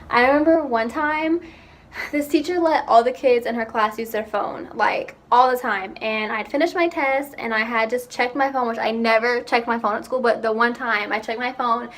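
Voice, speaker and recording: Chatty young woman vlogger, bright voice. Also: on the high side. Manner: chatty storytelling with quick asides. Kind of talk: casual chat.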